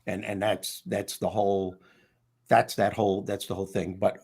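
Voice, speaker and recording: Guest author, male, low husky voice, lively storyteller. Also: normal speed. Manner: animated storyteller, casual. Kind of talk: interview conversation.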